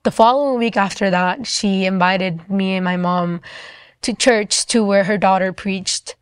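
A woman's voice: mid-range voice, unhurried, clear, resonant tone, dry recording, clean studio sound. A young woman telling her faith testimony casually, rambling with lots of fillers. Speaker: guest telling her story.

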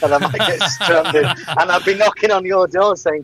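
A man's voice: high voice, normal speed, a crowd in the background, poor audio. A man in casual radio chat, chatty and laughing often as a guest presenter.

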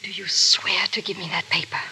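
An actress playing a troubled, proud aristocratic wife who speaks earnestly and with reproach. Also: female voice, fairly low pitch, level tone, fairly quick, in a whisper, natural voice. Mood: anxious.

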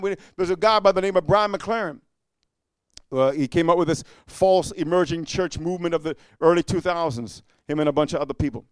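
A man preaching a fiery sermon, repeating "amen" and swinging from low muttering to shouting. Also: fairly quick, smooth, dry recording. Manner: repetitive call-and-response, frequent "amen".

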